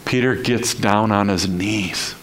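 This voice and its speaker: A man's voice: on the low side, takes it slowly, a bit bright, a little hiss or hum, rough recording. A male pastor preaching a sermon in a conversational style, full of rhetorical questions to the congregation.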